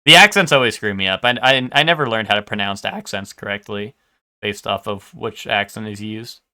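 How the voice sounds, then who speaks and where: This man talks a little fast in a lowish, sharp-toned voice while streaming live. He chats casually with his viewers, hesitating and stumbling over unfamiliar foreign food names.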